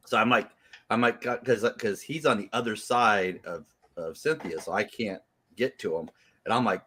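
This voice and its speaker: A man's voice: fairly low pitch, normal speed, sharp tone, breathy edge. A man in his thirties, a podcast co-host, rambling through a parenting story and tagging his lines with "right?". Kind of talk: casual chat, storytelling.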